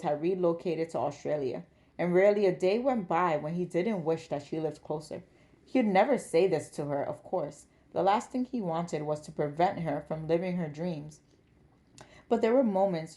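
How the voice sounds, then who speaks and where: A woman podcast host reading a novel aloud in a steady, expressive storytelling manner. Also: lowish voice.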